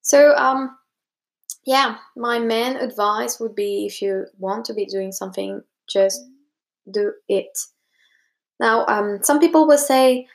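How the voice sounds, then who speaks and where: Creaky-voiced young woman giving chatty advice. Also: on the high side, slow pace. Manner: rambling, many fillers and restarts, acts out other people's lines. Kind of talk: casual advice talk.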